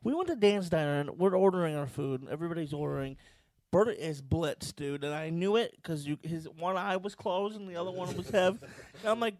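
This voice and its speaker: A man's voice: sits high, brisk, a little mellow, dry recording. A man co-hosting a casual podcast, telling a joking story about a friend. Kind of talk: casual chat.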